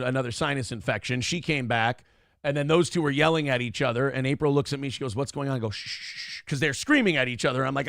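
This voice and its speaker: A morning-show host tells a rambling, profane story in casual talk, acting out the people he quotes in other voices. His medium-pitched voice is a bit bright, recorded in studio quality with no room sound.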